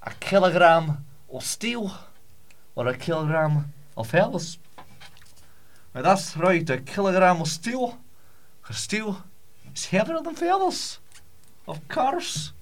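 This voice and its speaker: A man's voice: high-pitched, sing-song, slow pace, long pauses, pitched above the performer's own voice, heavily acted. A man voicing a rambling, boastful Scottish shepherd in a put-on Scottish accent, pompous and over the top. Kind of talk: comedic accent practice.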